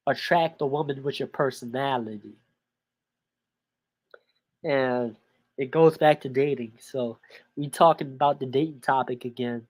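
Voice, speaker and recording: A man hosting a show, casually commenting on a video and thinking out loud. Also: mid-range voice. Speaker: host.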